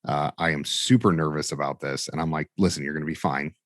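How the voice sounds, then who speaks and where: A man with a low, deep voice recounts a training story as a guest instructor on an interview. He tells it casually and acts out each quoted line. The sound is dry and close. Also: fast, dry recording. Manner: animated, acts out quoted dialogue.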